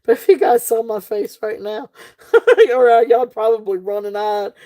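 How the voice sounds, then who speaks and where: A woman's voice: on the high side, moderate pace, mellow. A woman selling jewelry on a live stream, rambling in a casual way, often breaking into giggles and chatting with her viewers. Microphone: desk setup, face off camera.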